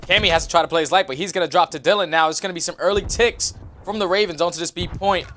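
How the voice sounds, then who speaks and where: Fast, bright-voiced male play-by-play caster. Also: sits high, slight background noise. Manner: rapid, energetic play calling. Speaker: esports caster. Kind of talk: play-by-play commentary.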